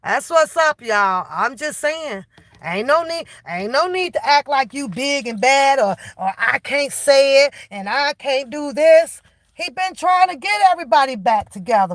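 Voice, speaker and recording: A woman's voice: high-pitched, measured pace, dry recording. Preachy woman repeating herself, dry close sound. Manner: preachy, animated, repeats lines for emphasis. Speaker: livestream host. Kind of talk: casual livestream talk.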